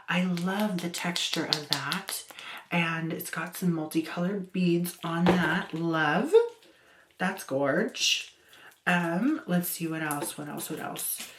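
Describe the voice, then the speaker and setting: A woman's voice: fairly low pitch, a bit bright. A woman vlogger opening gifts in a casual chat, gushing and exclaiming, with laughs between her words. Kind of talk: casual gift-opening vlog. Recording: echoey room with faint noise.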